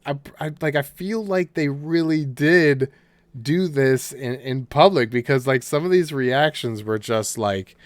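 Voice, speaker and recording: A man co-hosting a podcast, rambling through animated retellings of comedy sketches with lots of fillers and restarts, laughing as he goes. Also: medium pitch, a little slow, no room sound. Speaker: podcast co-host. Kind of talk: casual chat.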